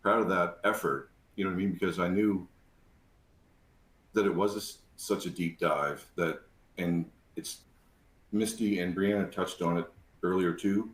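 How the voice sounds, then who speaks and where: A man with a very deep voice speaks on a panel from an echoey room. He talks in a heartfelt way and fills his sentences with ums and uhs. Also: steady tone, normal speed. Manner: heartfelt, many fillers. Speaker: panelist, program graduate. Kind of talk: casual panel talk.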